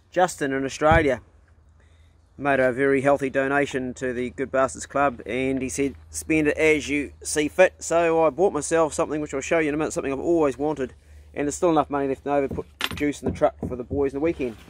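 With no room sound, a middle-aged vlogger with a New Zealand accent speaks in a steady, brisk, medium-pitched voice. Working on his house truck outdoors, he chats and cracks jokes in a folksy storytelling way, putting on voices for the characters.

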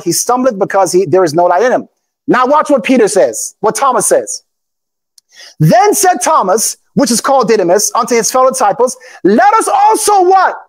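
A male pastor preaching a sermon, calling out to his congregation, breaking into shouts, and reading scripture aloud in old formal English. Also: sits high. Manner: call-and-response preaching, often bursts into shouts.

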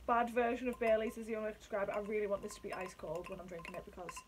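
A woman chatting excitably at home in a casual vlog, sweary and talkative. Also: medium pitch, rapid-fire, slight background noise, poor audio. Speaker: vlogger reviewing drinks. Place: at home indoors.

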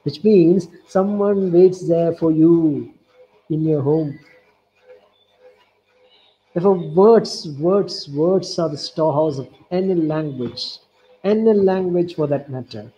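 A man whose voice is a little high teaches poetry in an online lecture as an English professor, his accent Kerala Indian English. He speaks slowly and deliberately, repeats key phrases and recites verse softly, on a low-quality recording.

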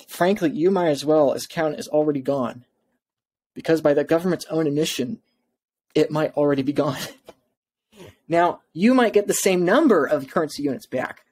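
A man's voice: on the high side, a little mellow, breathy edge. A man speaking as a podcast guest, emphatic and insistent, stumbling over his words in his rush to make his point. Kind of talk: podcast interview talk.

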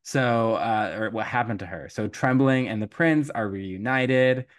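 A young man hosting a podcast, casually retelling a folktale with lively quoted voices, laughs and fillers. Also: fairly low pitch. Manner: animated storytelling, quick quoted voices, frequent laughs and fillers. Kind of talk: casual chat.

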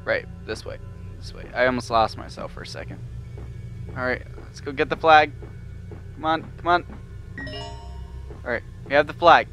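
A man's voice: fairly high pitch, moderate pace, long pauses, sharp tone, faint music behind. Jumpy young-sounding man narrating gameplay. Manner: jumpy, nervous, swears mildly, yelps when startled. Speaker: gamer playing a horror game. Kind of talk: let's-play commentary.

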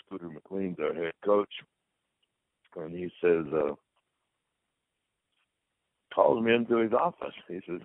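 A man's voice: low-pitched, very animated, slow, gravelly, long pauses, no room sound. An older man, a retired football player, telling rambling anecdotes as an interview guest and acting out the dialogue. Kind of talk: casual storytelling. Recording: dry phone-like lo-fi recording.

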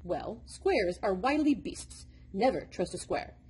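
A woman's voice: mid-range voice, big pitch swings, slow pace, a little mellow, husky, full character voice. A woman voicing an impish, impatient male number devil who lectures like a know-it-all, in a storybook reading. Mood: lecturing.

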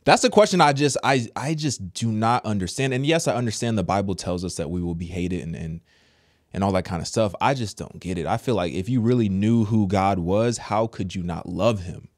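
A man's voice: fairly low pitch, brisk, no room sound, studio quality. A man giving casual reaction commentary, bemused and incredulous, with asides and apologies to his viewers. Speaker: reaction video host.

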